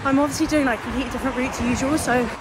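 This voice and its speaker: A woman's voice: high-pitched, fairly even intonation, rapid-fire, noisy background. A young woman vlogging while on a long run, out of breath and emotional, cheering herself on and swearing. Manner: breathless, emotional self-encouragement, frequent swearing. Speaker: fitness vlogger. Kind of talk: casual vlog while running. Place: outdoors on roads.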